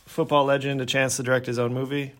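A man's voice: mid-range voice, little pitch movement, quick pace. A man hosting a casual podcast chat, telling stories with dry jokes. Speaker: podcast host.

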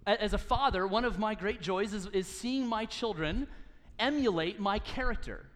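A man's voice: high-pitched, moderate pace, a bit bright, long reverb tail. A man in his thirties preaching a sermon, earnest and teaching, with touches of light humor. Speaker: pastor.

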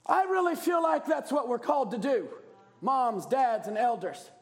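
A man preaching a fervent, often shouted sermon with a gravelly voice. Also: extremely high pitch, expressive, normal speed.

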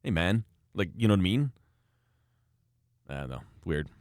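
A man's voice: sits low, big pitch swings, moderate pace, a little mellow, a little hiss or hum. A man hosting a casual podcast chat, telling work stories in a blunt, emphatic way. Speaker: podcast host, former project manager.

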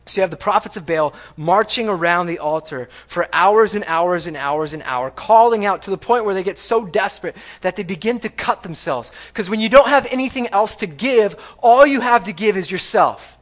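A man preaching a sermon in a church, talking in a conversational way and checking in with the congregation, going from loud emphatic lines to hushed reading. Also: sits high, expressive, moderate pace, hardly any pauses. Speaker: pastor. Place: church sanctuary.

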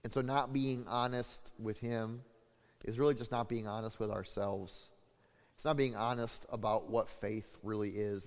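Long hall reverb surrounds this man preaching as a pastor. He stumbles through fillers and restarts, rising in volume and pitch whenever he imitates what people say.

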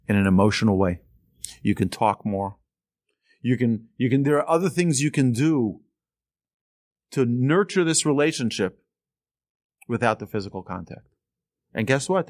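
An animated man preaching a storytelling sermon, his pitch rising and falling as he builds the tale. His voice sits at an ordinary middle pitch, and the sound is dry and close with no room around it. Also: no echo. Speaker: Torah teacher.

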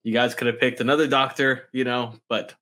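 A man's voice: medium pitch, level tone, brisk, bright, forceful tone. A man who is a guest on a podcast, chatting casually, earnest and enthusiastic, often agreeing. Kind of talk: casual review chat.

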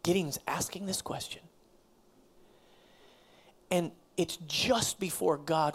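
A man preaches a sermon in a casual, direct way. He pushes his points with emphasis, then drops his voice low, close to a whisper. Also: unhurried, pauses often, fairly bright tone, slight background noise. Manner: emphatic, often dropping to near whispers. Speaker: pastor.

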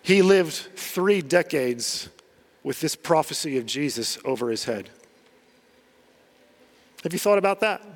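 A man's voice: fairly high pitch, lively intonation, unhurried, long pauses, in a large hall. A male pastor preaching a sermon in a conversational way, laughing often and acting out the quotes he tells.

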